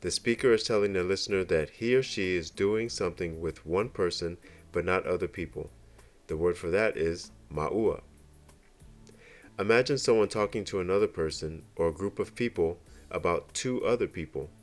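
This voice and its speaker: A man narrating a scripted beginner language lesson, explaining slowly and carefully with example phrases. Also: low voice, soft background music. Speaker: language teacher.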